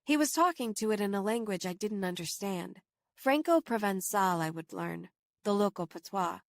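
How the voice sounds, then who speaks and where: A woman reading a first-person horror novel aloud in steady, measured audiobook narration. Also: mid-range voice, dry recording, studio quality.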